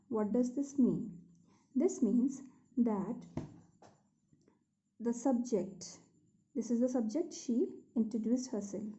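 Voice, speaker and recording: A woman's voice: a little high, mellow, muffled recording. A woman teaching a grammar lesson, explaining step by step and often checking in with "okay?", sometimes correcting herself mid-sentence.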